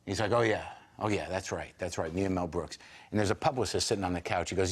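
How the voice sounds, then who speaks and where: A man in his forties with a fairly low voice spins a long anecdote as a talk show guest. He talks fast and animated, slipping into quoted voices as he goes. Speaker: interview guest, comedian. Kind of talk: storytelling in a talk show interview.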